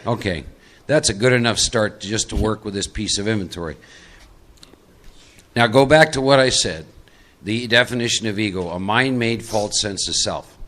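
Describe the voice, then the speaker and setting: A man's voice: lowish voice, lively intonation, normal speed, fairly bright tone. A middle-aged man from Texas leading a live recovery workshop, coaching audience volunteers into roles and stressing key points with repetition. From Texas, USA. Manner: emphatic, repeats key points.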